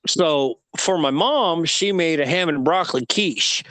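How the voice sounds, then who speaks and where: A man in his thirties telling a personal story in casual conversation, animated and laughing at himself. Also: a little high, measured pace, crowd noise. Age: 30s.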